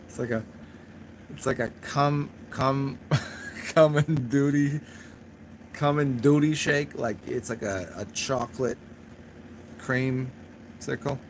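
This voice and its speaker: Speaking slowly with frequent pauses, a young man at medium pitch answers his live chat on a casual stream. He's a little drunk, rambling and foul-mouthed, laughing at his own jokes, and a slight hiss or hum is audible.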